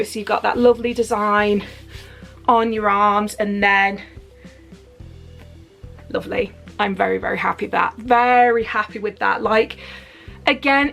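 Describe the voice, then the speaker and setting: A woman's voice: medium pitch, fairly even intonation, measured pace, vocal fry, a bit bright, soft background music. A woman vlogger from the UK chatting enthusiastically through a clothing unboxing at home, rambling with fillers and a little out of breath. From United Kingdom. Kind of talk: casual unboxing chat.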